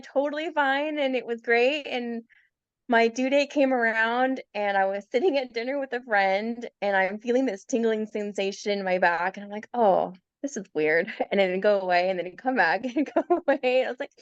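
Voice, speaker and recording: A woman shares her story as a podcast guest, animated and quick to laugh, slipping into little voices for the people she quotes. Her voice sits a little high. The sound is dry and a bit muffled, like a modest remote mic. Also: dry recording. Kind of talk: casual birth story chat.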